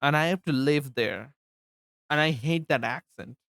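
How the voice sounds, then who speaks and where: A man's voice: a little high, measured pace, gravelly, a bit bright, dry recording, studio quality. A young man from eastern India, Bengali native, with an Indian accent, chatting casually on a livestream, rambling with laughs and repeated words. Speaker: streamer.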